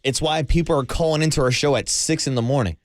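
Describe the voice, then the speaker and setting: A man's voice: fairly high pitch, fast talker, dry recording, clean studio sound. A young man from the Bay Area co-hosting sports talk radio, speaking earnestly and casually with lots of "like". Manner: earnest, conversational, uses like often.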